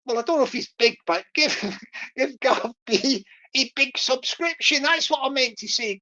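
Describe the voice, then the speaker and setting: A woman hosting a livestream, rambling and repeating herself as she mock-scolds and gives shout-outs. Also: on the high side, lo-fi sound. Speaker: livestream host.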